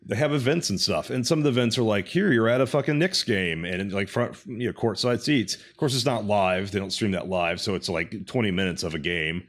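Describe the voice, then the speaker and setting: Low-voiced man ranting on a podcast. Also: fairly quick, hardly any pauses. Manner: ranting, profane, animated. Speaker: podcast co-host. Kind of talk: casual chat.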